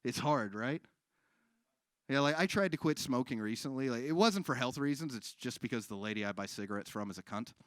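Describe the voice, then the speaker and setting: A man doing stand-up on a live stage, with deadpan delivery and frequent crowd work. His pitch moves a lot, rising and dropping within each bit. The sound is dry and close. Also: a little fast, no echo. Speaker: stand-up comedian. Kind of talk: stand-up comedy set.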